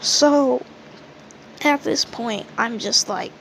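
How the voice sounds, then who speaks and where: A woman's voice: fairly high pitch, fairly even intonation, normal speed, creaky, a little hiss or hum, rough recording. A woman giving an indignant, ranting commentary monologue, peppered with "like". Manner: indignant, heavy use of "like" fillers. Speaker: commentary vlogger.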